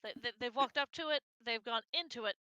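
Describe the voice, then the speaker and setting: A woman narrating a tabletop game as game master, halting and repeating words as she thinks. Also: fairly high pitch, bright, forceful tone, clear, resonant tone, no room sound, low-quality recording.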